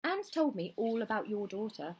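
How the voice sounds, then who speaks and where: A woman's voice: medium pitch, sing-song, normal speed, slightly rough. A woman voicing a cold, haughty mother who speaks pointedly, in a storybook reading.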